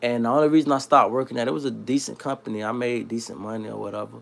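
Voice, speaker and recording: A man from South Florida who hosts a livestream, telling a long story in a slangy, rambling, animated way. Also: medium pitch, rapid-fire, gravelly, slight background noise. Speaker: livestream host. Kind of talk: casual storytelling.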